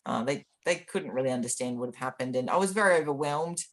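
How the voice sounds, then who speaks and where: A man speaks as an interview guest, recounting his own experiences. His delivery is candid and matter-of-fact. He pauses on frequent ums and restarts his sentences as he goes. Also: mid-range voice, a bit bright. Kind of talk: personal storytelling in an interview.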